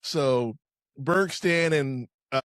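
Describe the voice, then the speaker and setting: A man's voice: medium pitch, drawn-out words, fairly bright tone, no echo, clean studio sound. A man casually recapping a movie with friends, swearing freely and acting out lines. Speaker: podcast host.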